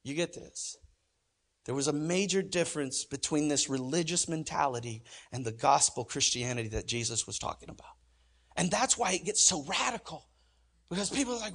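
A man preaching a sermon, asking his listeners rhetorical questions and swinging between quiet asides and loud exclamations. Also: high-pitched, lively intonation, moderate pace. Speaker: pastor.

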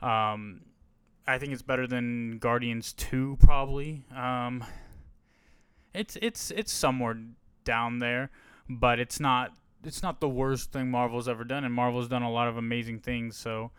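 A man's voice: medium pitch, fairly even intonation, measured pace, a bit bright, clean tone, no room sound. A man hosting a podcast, giving a casual, rambling and frank movie review on a close mic. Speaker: podcast host.

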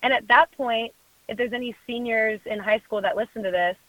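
A young adult woman, a guest in an interview, telling a personal story in a lively way, acting out other voices and laughing often. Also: on the high side, a little fast, dry recording. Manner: animated storyteller who acts out quoted voices and laughs often. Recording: phone-like dry sound.

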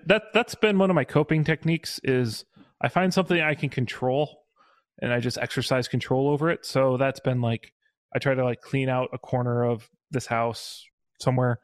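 A man's voice: mid-range voice, fairly even intonation, normal speed, dry recording, studio quality. A man co-hosting a podcast in a casual chat, steering the conversation back to the topic. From Chicago area. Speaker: podcast co-host. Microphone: home mic over video call.

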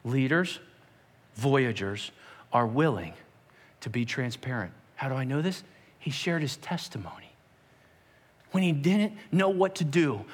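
A man from Pennsylvania preaching a sermon, telling stories with animated, acted-out dialogue. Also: a little high, breathy edge. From Pennsylvania, United States. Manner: animated storytelling, acts out dialogue.

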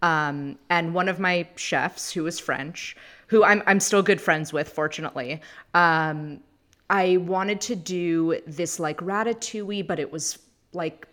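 A woman in her thirties chatting casually as a podcast guest, animated and rambling, laughing often. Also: lowish voice, unhurried. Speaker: guest, food anthropologist and TV host.

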